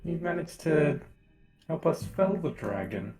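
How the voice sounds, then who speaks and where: A man's voice: fairly high pitch, sing-song, a little slow, dark tone, echoey room, faint music behind. A man playing a tabletop game, joking and laughing with the group. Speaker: player. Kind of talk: casual chat in a tabletop game.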